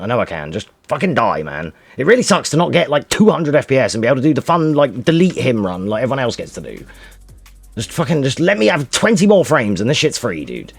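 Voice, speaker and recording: A man giving frustrated, swear-heavy live commentary while speedrunning a game, muttering to himself and shouting at the game. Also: mid-range voice, big pitch swings, quick pace, gravelly, husky, faint music behind. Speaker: speedrunner streaming.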